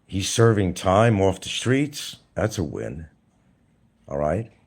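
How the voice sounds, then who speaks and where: A man's voice: low-pitched, very animated, slow, creaky, husky. A man hosting a live stream, talking casually in a blunt, mocking way to his viewers. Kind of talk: casual livestream monologue.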